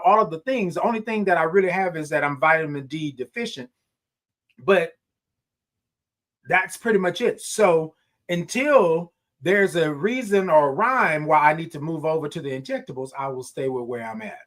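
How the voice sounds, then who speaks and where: A middle-aged man hosting a live morning show, talking in an animated, preacher-like way, repeating phrases and reading viewer comments. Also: on the high side, normal speed. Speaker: host.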